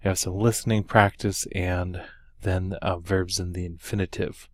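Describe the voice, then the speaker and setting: This recorded lesson walkthrough features a man teaching Spanish, his voice low and level at a moderate pace. He takes the material unhurriedly, filling it with ums and uhs and sounding out example words with care. The recording is dry and clean, studio-made.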